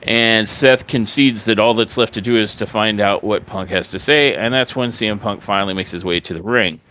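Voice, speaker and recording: A male podcast host recaps a wrestling broadcast as an animated storyteller. His voice is on the low side. He drives the retelling forward in a conversational way. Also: moderate pace. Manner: animated storyteller, acts out quotes.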